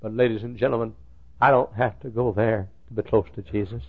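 A man's voice: on the low side, steady tone, brisk. A pastor preaching a sermon, telling stories and repeating phrases as he builds to emphatic peaks. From Dallas, Texas. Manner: storytelling, repetitive, rising to emphatic peaks. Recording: tinny lo-fi old sermon tape.

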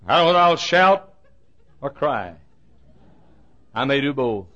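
A middle-aged man preaching a sermon as a pastor, telling a story and building to shouted climaxes. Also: mid-range voice, sing-song, measured pace, pauses often.

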